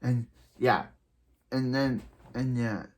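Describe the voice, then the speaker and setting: A man's voice: medium pitch, takes it slowly. A man recapping a TV episode in a casual, rambling way, with many restarts and filler words. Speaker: show reviewer.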